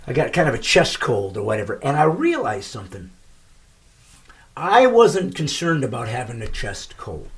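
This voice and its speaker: A middle-aged man hosting his comedy podcast, telling stories with emphatic, shouted punchlines. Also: mid-range voice, huge pitch swings, normal speed. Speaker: comedian host. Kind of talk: comedic podcast monologue and banter.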